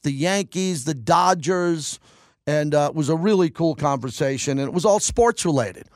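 Man, sports radio host, opinionated monologue, emphatic, repeats for punch, high voice, dry studio mic. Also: dry recording. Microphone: studio microphone.

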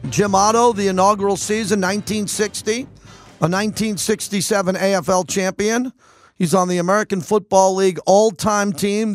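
Sports radio host guy, kinda high voice, dry studio sound w music under. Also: dry recording. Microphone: studio mic.

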